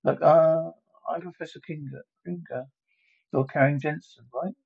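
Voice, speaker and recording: A man voicing a nervous male police officer who secretly serves vampires, in a script reading, with a husky voice. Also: a little high, fairly even intonation, normal speed. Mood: wary. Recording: dull lo-fi recording.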